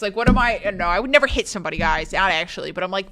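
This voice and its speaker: A young adult woman chatting on a live stream, telling rambling stories with lots of swearing and animated asides to her chat. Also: medium pitch, quick pace.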